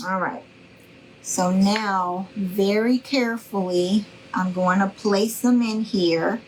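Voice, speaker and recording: A woman's voice: medium pitch, fairly even intonation, slow, a little mellow, a little hiss or hum, low-quality recording. A middle-aged woman, giving a live craft tutorial in a chatty, reassuring way and greeting viewers by name. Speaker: craft instructor.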